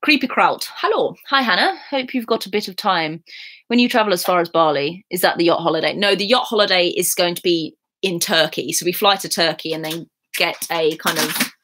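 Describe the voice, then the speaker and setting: With a fairly low, slightly bright voice and a brisk delivery, a young Englishwoman livestreams from bed at home. She reads her viewers' questions and answers them casually, laughing easily along the way.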